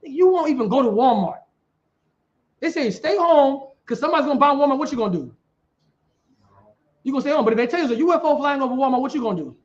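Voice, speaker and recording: Animated high-voiced street preacher, a man. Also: quick pace, pauses often, dull audio. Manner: animated, questioning the crowd.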